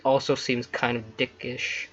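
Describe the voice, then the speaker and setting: A man's voice: mid-range voice, little pitch movement, a little slow, a bit bright, slightly rough, muffled recording. A man hosting a let's play, reading interactive fiction aloud between casual chat with his co-player. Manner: reads story text then chats casually.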